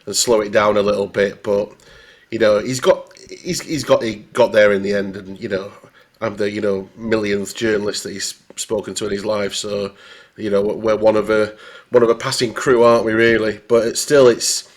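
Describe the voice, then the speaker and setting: A man's voice: fairly low pitch, flat delivery, normal speed. A man with a Northern English accent, a football journalist chatting casually on a podcast, rambling with many restarts. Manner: rambling, full of restarts and "you know".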